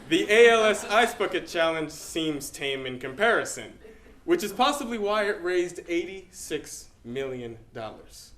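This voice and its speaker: A young man introducing a dramatic interpretation piece in a deliberate, emphatic way, dropping to a hush on key words, on a stage in an echoey hall. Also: fairly high pitch. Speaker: speech team competitor.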